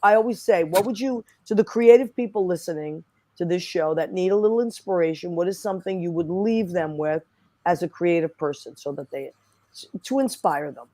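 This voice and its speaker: A woman's voice: on the low side, a little fast, warm tone, no room sound. A woman hosting a podcast over a video call, effusive and chatty. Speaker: podcast host. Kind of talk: casual chat.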